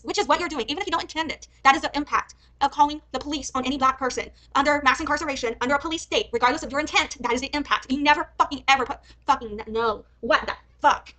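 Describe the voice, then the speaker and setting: A woman's voice: high voice, fast, bright, forceful tone, poor audio. A woman streamer giving heated reaction commentary, often swearing and ranting angrily. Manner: heated, swearing, angry rants.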